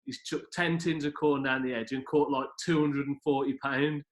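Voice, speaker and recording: A man's voice: mid-range voice, steady tone, normal speed. A man chatting casually on a video call, often asking for agreement. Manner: chatty, laughs easily, asks for agreement. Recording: echoey room on a video call.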